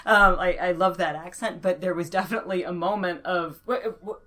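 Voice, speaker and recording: Podcast guest: woman linguist, low voice, thoughtful and hedging. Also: steady tone, a little fast, a bit bright. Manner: thoughtful, with many fillers and laughs. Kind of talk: podcast interview.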